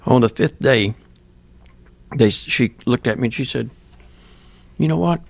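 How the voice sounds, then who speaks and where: A man's voice: mid-range voice, fairly even intonation, unhurried, vocal fry, no room sound. An older man, a pastor, earnestly telling a personal story in plain words during an interview. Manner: plain-spoken, earnest, acts out remembered dialogue.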